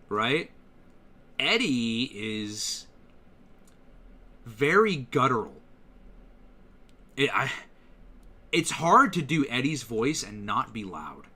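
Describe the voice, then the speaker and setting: A male voice actor with a medium-pitched, slightly breathy voice chats casually while streaming a game. He's animated and slips into different voices to demonstrate them.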